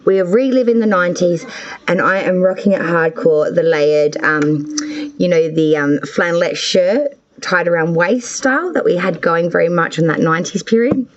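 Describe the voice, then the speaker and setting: A woman's voice: lowish voice, moderate pace, dull audio. An Australian woman hosting a casual tarot reading from her cold home with the power out, chatty, rambling and swearing freely. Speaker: tarot reader and channel host.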